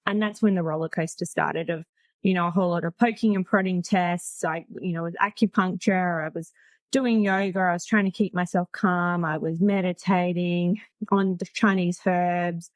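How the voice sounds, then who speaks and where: Lower-voiced woman telling her story. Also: fairly even intonation, moderate pace, dry recording. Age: 40s. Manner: chatty, frank, laughs easily. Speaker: podcast guest. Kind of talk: casual storytelling.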